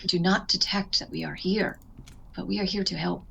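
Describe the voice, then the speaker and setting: A woman voicing a female adventurer who calmly reassures a captain and a group of prisoners. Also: on the low side, normal speed, gravelly, muffled recording, slight background noise. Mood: earnest, reassuring.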